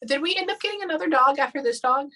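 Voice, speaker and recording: A woman in her thirties giving a spirit reading, talking haltingly and thinking aloud with many pauses. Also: sits high, lively intonation, pushed and bright, rough recording. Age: 30s. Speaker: psychic medium.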